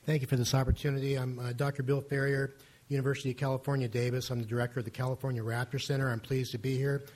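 A man's voice: mid-range voice, level tone, racing, a little mellow. An older man, a university raptor researcher, giving brief testimony at a public hearing with many fillers.

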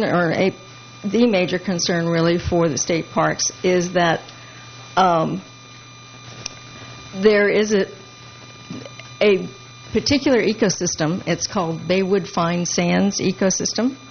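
Woman, council report, halting with fillers, gravelly, muffled meeting audio, faint hum. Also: lowish voice. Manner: halting, many fillers and restarts. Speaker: council member giving a report. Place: public meeting room.

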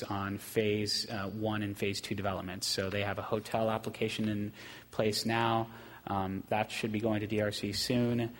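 Man, city staffer, steady near-monotone meeting report, lowish voice, reverberant chamber. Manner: steady, self-described monotone, many ums. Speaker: city staff presenting to council. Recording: long hall reverb in council chamber.

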